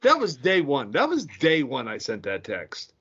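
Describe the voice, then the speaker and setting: A man co-hosting a podcast, chatting casually and dropping wry, quick interjections. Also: mid-range voice, huge pitch swings, a bit bright, husky. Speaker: podcast co-host. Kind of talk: casual chat. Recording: dull, lo-fi podcast audio.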